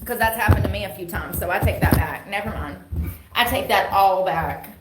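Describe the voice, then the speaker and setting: Southern-twanged North Carolina woman, casual blunt streamer, mid-pitched, echoey room with faint noise. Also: fairly quick, loud music behind the voice. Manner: drawling, blunt, swears casually. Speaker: live streamer. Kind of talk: casual rambling chat to viewers. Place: indoor room, rain outside.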